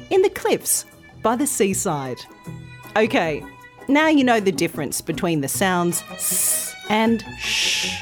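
A woman hosting a podcast lesson, enunciating each sound slowly and clearly. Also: medium pitch. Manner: slow, clear, exaggerated enunciation. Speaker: podcast English teacher. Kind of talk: scripted pronunciation lesson.

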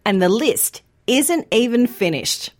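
A woman teaching English pronunciation in a scripted lesson, enunciating each word slowly and clearly. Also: fairly high pitch, expressive. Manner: slow, clear, deliberate enunciation.

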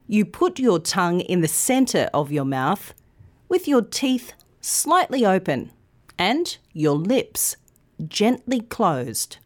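A woman presenter reading a scripted pronunciation lesson with careful, clear articulation. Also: medium pitch. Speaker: news presenter teaching pronunciation.

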